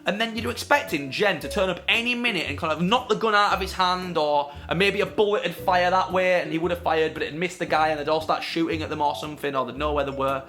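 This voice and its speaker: A man co-hosting a casual film debate, acting out characters in quick voices as he talks. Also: on the high side, bright, forceful tone, soft background music. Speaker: film show co-host.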